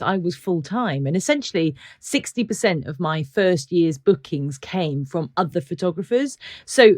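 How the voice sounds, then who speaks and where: Chatty woman podcast host, voice jumps all over, loves telling stories. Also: lowish voice. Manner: animated storyteller, acts out quoted people. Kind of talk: casual chat.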